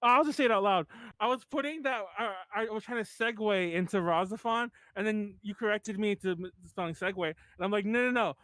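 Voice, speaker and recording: A man's voice: high voice, brisk, pushed and bright, no echo. A man hosting a podcast in casual chat, rambling with many fillers and restarts. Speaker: podcast host.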